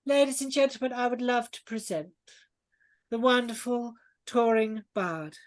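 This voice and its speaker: A woman's voice: on the high side, measured pace, voice pushed up, natural voice. A woman voicing a grand noblewoman hostess with a piercing, theatrical way of announcing. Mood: excited.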